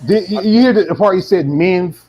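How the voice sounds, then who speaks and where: A man's voice: high-pitched, moderate pace, dull audio, soft background music. A man hosting a podcast in casual chat, rambling with constant "you know"s and blunt, profane remarks. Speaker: podcast host.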